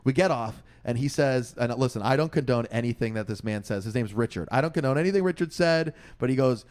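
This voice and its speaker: A young man co-hosting a podcast, telling a story in casual chat and acting out the voices of the people in it. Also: quick pace. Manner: animated, acts out quoted voices with big pitch jumps. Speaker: podcast co-host.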